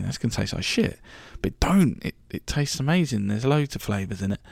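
A man's voice: medium pitch, very animated, brisk, gravelly, few pauses, darkish tone, no echo, clean studio sound. A young man telling a rambling, sweary story about his travels as a podcast host. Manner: chatty, rambling, sweary, full of restarts. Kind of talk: casual storytelling monologue.

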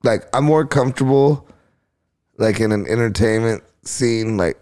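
Laid-back low-voiced male comedian. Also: unhurried, a little mellow. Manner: laid-back slangy storyteller, acts out quotes. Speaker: comedian and podcast guest. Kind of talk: casual storytelling chat.

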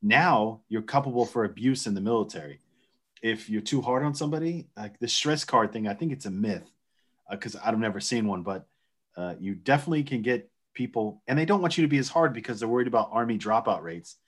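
A man's voice: on the low side, expressive, fairly quick, fairly bright tone, husky. A man in his forties, an army veteran co-hosting a podcast, making emphatic profane points in casual chat.

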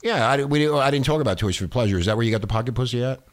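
A man's voice: medium pitch, racing. A man hosting a crude talk radio show from a studio, teasing his co-hosts and laughing often. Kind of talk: crude casual radio banter.

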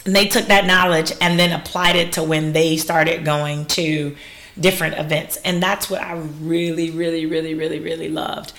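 Gravelly, animated woman telling stories. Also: sits low, moderate pace. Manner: animated, laughing, exclamatory storyteller. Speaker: wine educator and business owner. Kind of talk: casual podcast interview.

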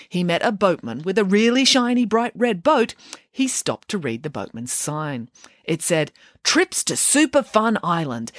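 A woman reading a children's storybook aloud, with expressive, animated narration. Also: fairly low pitch, no echo, clean studio sound.

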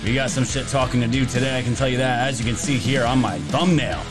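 A man's voice: mid-range voice, quick pace. Male streamer host, loose rambling delivery, casual chat over background music. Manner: rambling, jokey, loose with filler words. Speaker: livestream host. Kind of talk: casual political livestream talk. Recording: music playing underneath.

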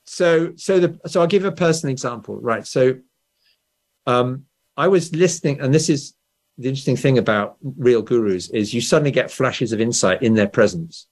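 This guest author is an Englishman with a standard Southern English accent whose mid-range voice moves at a moderate pace and sounds a little mellow. In a conversational interview, he explains his points, frequently tacking on "right?" and restarting his thoughts.

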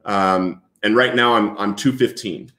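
A man's voice: fairly low pitch, fairly even intonation, sharp tone. Earnest man telling his story, echoey room. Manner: earnest, halting storytelling with many restarts. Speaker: interview guest. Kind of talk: personal recovery story.

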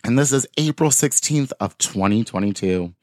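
A male podcast host reads news articles aloud, tossing in offhand jokey asides during casual chat. His medium-pitched voice is a little mellow, with lively intonation and a moderate pace, recorded in studio quality with no room sound.

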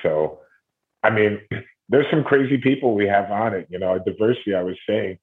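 A middle-aged man from Ohio, a documentary series host, telling stories in a rambling, animated way. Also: fairly low pitch, moderate pace. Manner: rambling, animated retelling with acted quotes. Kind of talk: casual interview conversation. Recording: tinny phone-like audio.

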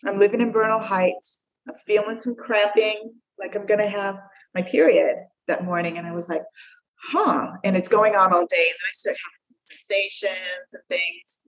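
Woman guest telling her story from the heart, kinda husky breathy voice, acts out what people said. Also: medium pitch, little pitch movement, normal speed, hardly any pauses, poor audio. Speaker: podcast guest. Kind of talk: personal storytelling in a podcast interview.

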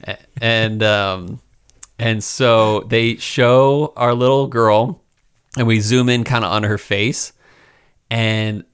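A man's voice: mid-range voice, fairly even intonation, takes it slowly, clean tone. A young man co-hosting a podcast, chatting in an upbeat way and laughing often as he talks. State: expecting father. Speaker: podcast co-host. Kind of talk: casual chat.

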